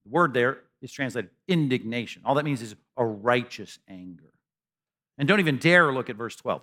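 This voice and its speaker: Bright-voiced man preaching a sermon. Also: medium pitch, expressive, moderate pace. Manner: conversational preaching with rhetorical questions and humor; repeats phrases for emphasis, rising to loud peaks. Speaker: pastor.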